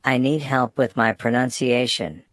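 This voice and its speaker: A man's voice: medium pitch, measured pace, a bit bright, no room sound. Man reading student phrases, dry and close. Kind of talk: scripted phrase reading for learners.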